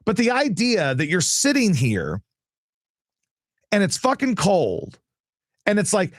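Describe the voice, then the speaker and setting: A man's voice: high-pitched, wildly swooping pitch, slow, long pauses, no room sound, clean studio sound. A male show host ranting casually, profane, exasperated and sarcastic. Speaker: radio and live-stream host.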